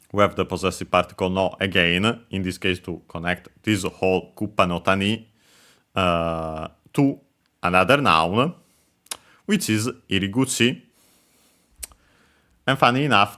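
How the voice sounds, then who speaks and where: A man giving a language lesson over a video game playthrough, hesitant, full of fillers and quick self-corrections, chuckling now and then. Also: low-pitched, sharp tone. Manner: explanatory, chuckles while explaining. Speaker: language teacher. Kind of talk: let's-play language lesson.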